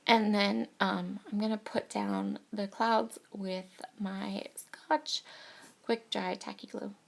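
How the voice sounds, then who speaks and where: A woman in her thirties, hoarse from a cold, chatting casually and gushing over cute things while she works on a scrapbooking project. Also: medium pitch, level tone, slow. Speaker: scrapbooking crafter. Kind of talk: casual crafting tutorial chat.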